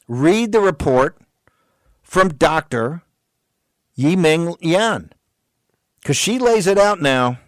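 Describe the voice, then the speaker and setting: A man's voice: fairly high pitch, no room sound. A man hosting a political talk radio show, delivering an emphatic, fiery rant.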